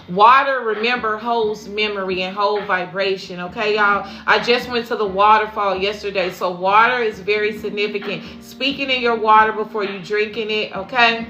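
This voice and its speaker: A woman's voice: mid-range voice, steady tone, normal speed, hardly any pauses, sharp tone, slight background noise. A woman doing a live tarot reading, chatting casually and repeating affirmations to her viewers, whom she calls "y'all" and "baby". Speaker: intuitive tarot reader. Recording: echoey room with faint music.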